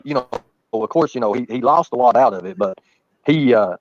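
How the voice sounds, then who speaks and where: Casting: man, rapid storyteller, dry muffled sound. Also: mid-range voice, animated, no echo. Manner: rambling, laughing, profane anecdotes. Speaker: guest storyteller. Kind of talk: casual storytelling. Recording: muffled lo-fi audio.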